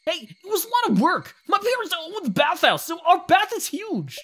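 Woman playing a young boy, squeaky high, brash, eager, shouty, story game. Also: big pitch swings, moderate pace, exaggerated voice. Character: loud excitable young boy.

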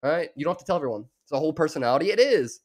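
A man's voice: on the high side, expressive, racing. A young man from the American South with a Southern accent, rambling crudely and mockingly while reacting to a show as a streamer. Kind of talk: profane reaction commentary.

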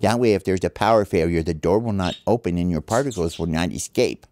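A man voicing calm, brainy sparrow scientists who explain a teleporter in a formal, precise way. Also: deep voice, brisk, a little hiss or hum, close to an everyday voice.

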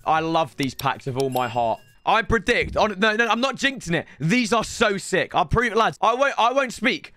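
A hoarse man with a British accent, commentating on a live stream as he opens packs, excitable and breaking into shouts at big reveals. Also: high-pitched, normal speed, hardly any pauses, no echo, studio quality.

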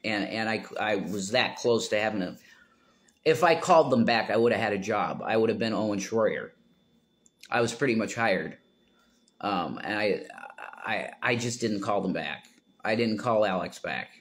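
A middle-aged man talking in a rambling, casual monologue, trailing into mumbles and then rising into loud exasperation. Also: fairly low pitch, moderate pace. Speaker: political commentator.

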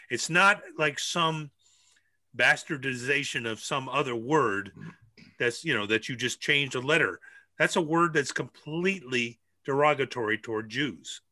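A man's voice: medium pitch, sharp tone, no room sound. A man on a podcast pressing his point with insistent questions. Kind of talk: casual podcast chat.

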